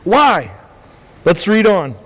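Sex: man. Role: preacher. Style: animated sermon storytelling with frequent restarts. Pitch: high for a man. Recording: long hall reverb. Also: slow.

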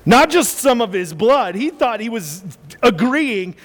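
A man preaching a sermon who tells stories in an animated way and often restarts his sentences. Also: very high-pitched, unhurried. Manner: animated storytelling with many restarts. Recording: long hall reverb.

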